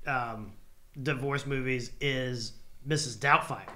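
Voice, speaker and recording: A man's voice: mid-range voice, steady tone, slow pace, sharp tone. A man co-hosting a movie podcast, joking around and acting out quotes from films. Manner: jokey, acts out movie quotes. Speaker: podcast co-host. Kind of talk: casual chat about movies.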